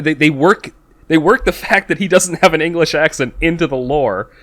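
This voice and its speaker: A man co-hosting a podcast, talking casually in a rambling, self-interrupting way with quick laughs. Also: fairly high pitch, fairly bright tone. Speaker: podcast co-host. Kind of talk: casual chat.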